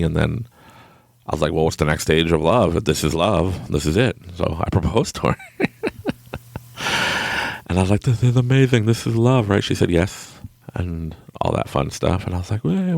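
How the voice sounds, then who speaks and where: A man's voice: deep voice, vocal fry, dry recording, studio quality. A young man hosting a podcast, telling a personal story in a casual way and laughing often at himself. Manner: laughs often, animated and self-mocking. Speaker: podcast host.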